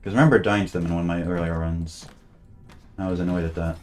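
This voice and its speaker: A man streams a game and chats casually, thinking out loud as he plays and often trailing off before starting again. His voice is low, steady, and a little mellow, and he talks quickly.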